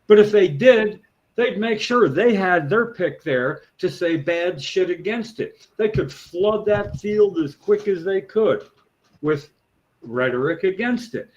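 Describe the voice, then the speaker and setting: A man's voice: sits high, animated, slow pace, dull audio. Fired-up New man ranting. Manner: outraged, emphatic, swears freely. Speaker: podcast co-host, patient rights advocate. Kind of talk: heated casual political talk.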